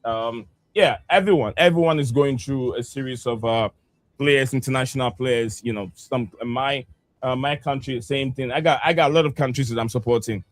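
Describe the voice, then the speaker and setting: A man's voice: mid-range voice, normal speed. A man hosting a football live stream, chatting with viewers directly in a hesitant way with many "uh" fillers. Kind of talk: casual football chat with viewers.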